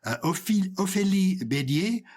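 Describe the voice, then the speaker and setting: Playful man with a lively, husky voice. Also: high-pitched, moderate pace. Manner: playful, tells jokes, animated. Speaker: podcast co-host. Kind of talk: casual chat.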